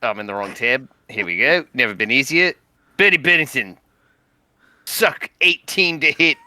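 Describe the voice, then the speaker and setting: A man's voice: medium pitch, expressive, normal speed, sharp tone, dry recording. A man playing a tabletop game with friends, joking and brash. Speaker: player. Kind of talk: casual tabletop play.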